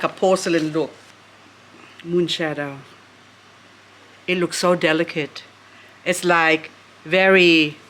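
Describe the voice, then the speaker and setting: A woman's voice: medium pitch, fairly bright tone, slight background noise. Gushing woman chatting to her plants. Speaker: succulent vlogger. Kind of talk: casual unboxing chat.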